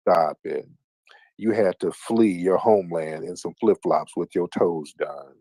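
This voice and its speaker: A man's voice: low voice, a little slow, mellow, husky, no echo. A man hosting a late-night livestream call-in show, teasing and taunting his callers in a mocking sing-song way. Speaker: livestream host. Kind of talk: casual call-in banter.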